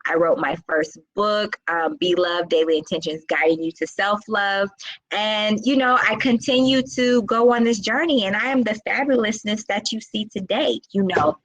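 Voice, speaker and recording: A woman's voice: mid-range voice, moderate pace, fairly bright tone, no echo, low-quality recording. A woman hosting a live wellness session, speaking in a casual, reflective way with many fillers and asides to her viewers. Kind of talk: casual live-stream talk.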